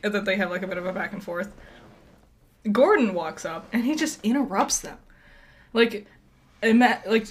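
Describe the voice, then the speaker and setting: A woman's voice: mid-range voice, fairly quick. Chatty woman podcast co-host. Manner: chatty, laughs often, rambling asides. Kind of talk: casual chat.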